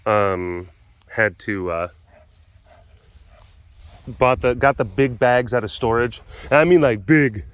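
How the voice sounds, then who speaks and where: A man's voice: mid-range voice, slow, long pauses. A man hosting a casual vlog, chatting playfully to big cats and cooing at them in baby-talk. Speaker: big cat facility keeper and show host. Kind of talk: casual chat to animals.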